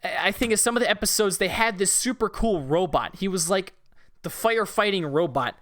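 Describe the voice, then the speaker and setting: A young man hosting a casual podcast, telling a childhood story with animated, profane energy and laughter. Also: high-pitched, fairly quick. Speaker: podcast host.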